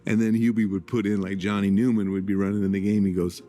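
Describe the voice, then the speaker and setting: A man calmly recounting a story in an interview clip. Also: fairly low pitch, quick pace, few pauses, faint music behind.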